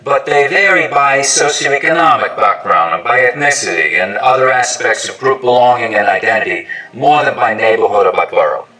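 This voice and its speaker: Guy explaining accents like a teacher, bright sharp tone, sounds a bit far from the mic. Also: on the low side. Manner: clear, didactic, demonstrates sounds. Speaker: accent coach. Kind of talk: scripted explainer narration.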